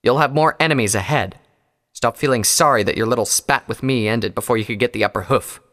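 A man's voice: medium pitch, brisk, fairly bright tone, close to an everyday voice. A man voicing a condemned female unicorn warrior who speaks coldly and derisively. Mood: scornful. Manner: cold, derisive, growling. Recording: long hall reverb.

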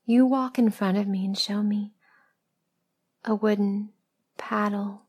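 A woman narrating a first-person story as a whispered role-play, in a slow, hushed storytelling manner. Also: mid-range voice, fairly even intonation, husky. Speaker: erotic audio narrator.

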